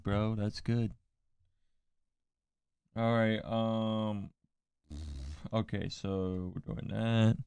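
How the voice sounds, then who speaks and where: A man's voice: fairly low pitch, creaky, warm tone, clean tone, dry recording. A man streaming live, chatting casually and trading teasing jokes with his viewers. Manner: joking, teasing banter. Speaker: livestreamer. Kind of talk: casual livestream chat.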